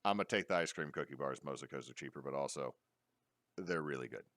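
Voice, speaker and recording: Guy, middle-aged, low voice, dry close sound, lively storyteller for a chat show. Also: fast, dry recording. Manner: animated storyteller, acts out quotes. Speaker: podcast co-host. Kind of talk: casual chat.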